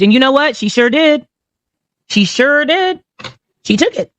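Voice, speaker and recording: A woman's voice: high-pitched, expressive, normal speed, pauses often, a bit bright, dry recording. A woman on a reaction panel telling gossip in a casual, storytelling way.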